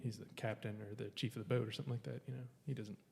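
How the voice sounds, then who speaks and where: Guy telling a rowdy story on a podcast, gravelly voice, swears a ton, kinda echoey room. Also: mid-range voice, fairly even intonation, racing, a little mellow. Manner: profane, laughing, quotes people animatedly. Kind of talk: casual storytelling chat.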